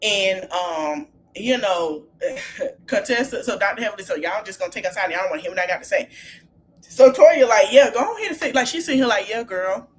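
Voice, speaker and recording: Woman host, chatty recap, lively and quick to laugh, faint noise under the voice. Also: medium pitch. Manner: animated, laughs often while retelling scenes. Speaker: podcast host. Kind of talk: casual reality TV recap.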